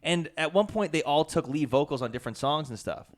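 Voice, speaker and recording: A man's voice: fairly high pitch, lively intonation, fairly quick. A man co-hosting a podcast, telling rambling stories, swearing freely and acting out the people he quotes. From Canada. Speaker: podcast co-host. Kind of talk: casual chat, storytelling.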